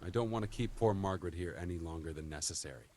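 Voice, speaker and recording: A stern nobleman from a video game, voiced by a man, with a lowish, commanding voice. He talks in curt orders and pushes for haste. Faint background noise sits under the voice. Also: quick pace, darkish tone, natural voice. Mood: urgent, commanding.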